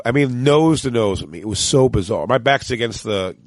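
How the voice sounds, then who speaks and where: Male podcast co-host, casual storyteller, animated and profane, dry close sound, acts out quotes. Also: medium pitch, a little fast, no echo. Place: cruise ship.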